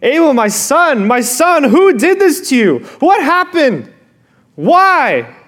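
A man's voice: extremely high pitch, sing-song, slow pace, a bit bright, voice pushed up, exaggerated voice. A man voicing grieving parents who cry out in anguish over their dead son, in a sermon. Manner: anguished, pleading questions.

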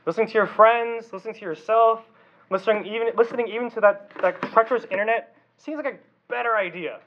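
A man's voice: sits high, fast, lo-fi sound, a little hiss or hum. A man preaching a casual, conversational youth sermon, often asking the audience questions. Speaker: youth pastor.

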